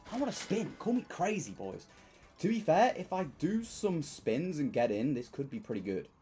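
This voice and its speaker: A young man casually commenting while playing online slots, bursting into excited shouts at wins. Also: mid-range voice.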